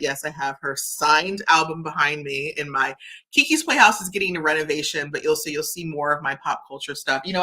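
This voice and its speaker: A woman's voice: low-pitched, pushed and bright. A woman reviewing TV from a room at home, chatty and candid, who fills her talk with fillers and retells scenes. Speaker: TV reviewer and host. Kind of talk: casual recap commentary. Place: home room filled with pop culture items.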